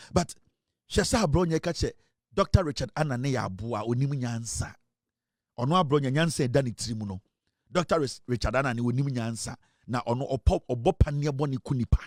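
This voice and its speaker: Fervent Ghanaian man, lively pitch. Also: dry recording, clean studio sound. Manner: fervent, repeats rhetorical questions, mixes Twi and English. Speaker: political commentator. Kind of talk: impassioned political commentary.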